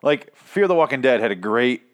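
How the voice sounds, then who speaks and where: A man's voice: medium pitch, expressive, moderate pace. A young man casually recapping a TV episode, rambling, swearing often and stumbling over his words while poking fun at himself. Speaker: TV recap podcaster.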